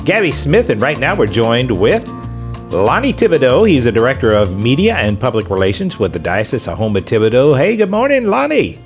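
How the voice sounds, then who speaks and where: Lively-voiced male radio host. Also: mid-range voice, fairly quick, faint music behind. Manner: friendly, joking about hard names. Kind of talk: casual radio interview.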